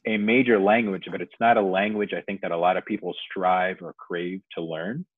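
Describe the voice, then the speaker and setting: Deep husky man on a phone-like line. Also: steady tone, normal speed, no echo. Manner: thoughtful, explains at length, laughs easily. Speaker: podcast guest. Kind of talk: casual conversational interview. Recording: dry, phone-like remote audio.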